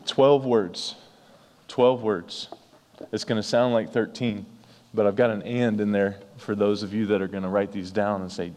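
On the low side and a little mellow, this pastor's voice holds a steady tone at a moderate pace, with a little hiss or hum in the recording. He preaches earnestly and emphatically in his church sanctuary, repeating phrases for effect, and the hall reverberates.

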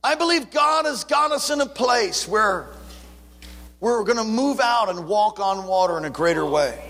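A man preaching a sermon, telling a story with animated quotes and frequent restarts. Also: high voice, big-room sound. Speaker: pastor.

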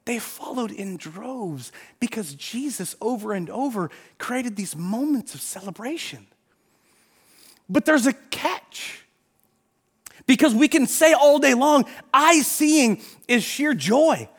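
Man, very high voice, animated sermon, pastor, acts out scenes. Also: slow, husky.

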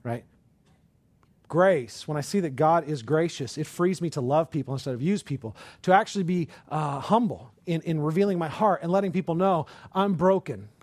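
High-voiced man preaching a sermon. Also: normal speed, a little mellow, dry recording. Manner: conversational, with frequent rhetorical questions.

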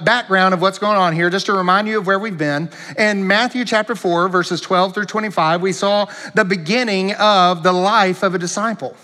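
A man's voice: high-pitched, sharp tone, big-room sound. A man preaching a sermon as pastor, earnest and emphatic, repeating his key phrases.

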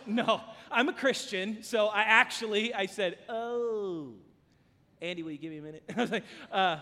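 A man's voice: sits high, animated, unhurried, pushed and bright. A man preaching a sermon as pastor, earnest and emphatic, mixing scripture with personal stories. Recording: long hall reverb.

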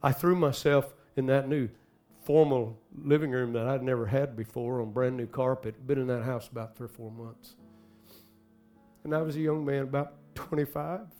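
A man preaching a sermon, swinging dramatically from hushed, slow phrases to loud bursts. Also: mid-range voice, steady tone. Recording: faint music behind.

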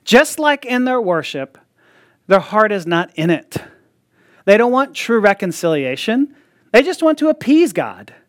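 A man's voice: sits high, very animated, measured pace, no echo, clean studio sound. A man preaching a sermon in a conversational way. He often acts out the voices of people he quotes, sometimes mockingly, and fills his talk with "like" and small laughs. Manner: frequent "like" fillers and laughs.

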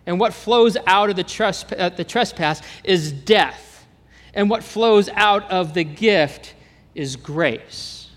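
High-voiced pastor preaching in a reverberant hall. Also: male voice. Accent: Kansas. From Kansas. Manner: animated, asks the congregation questions. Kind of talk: sermon.

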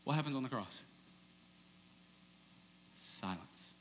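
A man preaching a sermon as pastor, telling stories in a loose, conversational way and dropping to a hush for key points. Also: fairly quick, slight background noise. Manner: conversational storytelling, animated, ends low and hushed. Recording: long reverb of a large hall.

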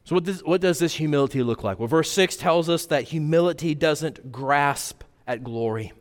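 A man preaching a sermon, earnest, swinging from loud emphasis to hushed intensity. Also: on the high side, normal speed, in a large hall. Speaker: pastor.

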